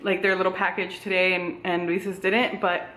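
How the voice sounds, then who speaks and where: A woman's voice: fairly low pitch, level tone, moderate pace, a bit bright. A young woman, out of breath, chatting in a bubbly, rambling vlog with lots of "like" and "um", filmed on a tripod camera at home. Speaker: vlogger. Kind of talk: casual vlog chat. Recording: echoey room.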